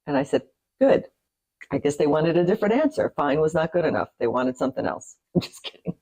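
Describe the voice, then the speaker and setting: A middle-aged vlogger from the United States talks straight to camera in a loose, conversational way. The delivery wanders into asides and little laughs, with a pitch that sits in the middle range. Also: big pitch swings, fast talker, vocal fry, a little mellow, low-quality recording. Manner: chatty and rambling, with asides and light laughs. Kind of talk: casual talk to camera.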